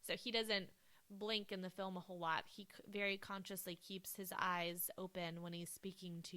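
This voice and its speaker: A woman co-hosts a casual film podcast with a bright, forward voice. She talks with gushing enthusiasm, leaning on "like" and "um" as she goes. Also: fairly low pitch, little pitch movement, normal speed. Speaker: podcast co-host. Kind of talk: casual movie podcast chat.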